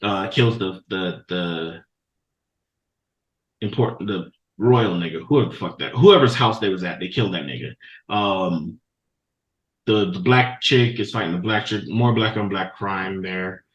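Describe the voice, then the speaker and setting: A man co-hosting a podcast, recapping an anime episode in a loose, profane, animated way. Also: sits low, a little slow, echoey room, lo-fi sound. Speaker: podcast co-host. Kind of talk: casual chat, recapping an anime.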